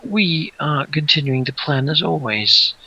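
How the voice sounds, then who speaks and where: A man plays an aloof woman commander in a tabletop session, formal and unhurried in speech. Her tone is strikingly bright and forceful. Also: a little high, animated, dull audio, full character voice. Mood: cool, formal. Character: composed woman leader, aloof and terse.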